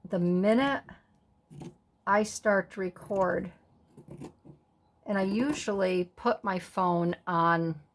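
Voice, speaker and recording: Slow-talking, chatty middle-aged woman. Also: mid-range voice. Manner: chatty, rambling, self-amused asides. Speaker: craft video host. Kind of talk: casual crafting tutorial chat.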